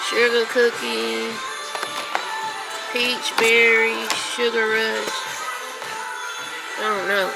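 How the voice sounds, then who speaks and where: A woman, chatting excitedly to viewers while filming a casual vlog outdoors and in a store. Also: on the high side, drawn-out words, vocal fry, pauses often, low-quality recording. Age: late 30s. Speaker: vlogger. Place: outdoors, then inside a discount store. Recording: music playing behind her.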